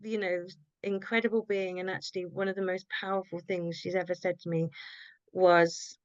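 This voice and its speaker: A woman, a guest author telling a personal story in a reflective, halting way and often quoting her own thoughts. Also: lowish voice, little pitch movement, smooth, dry recording. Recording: dull lo-fi sound, dry.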